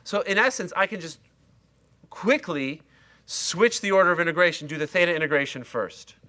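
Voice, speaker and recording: A man's voice: on the high side, normal speed, pushed and bright. A middle-aged man lecturing a university class, chatty and self-mocking, talking straight to his students. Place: lecture hall.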